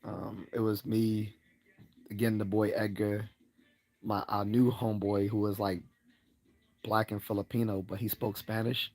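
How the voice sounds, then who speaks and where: There's little pitch movement in this man's unhurried, slightly mellow voice, and he pauses often. Hosting a livestream, he rambles casually through a personal tale, laughing often and going higher to imitate what people told him.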